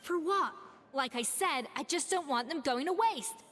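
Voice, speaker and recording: A woman's voice: sits high, lively intonation, measured pace, fairly bright tone, a little hiss or hum. A woman voicing a stern, bossy female head chef in a video game, curt and commanding. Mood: gruff. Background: faint game music.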